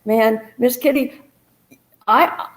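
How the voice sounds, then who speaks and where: A woman storyteller voicing a pushy, excited adult woman witness in a higher voice. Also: takes it slowly, echoey room. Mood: eager.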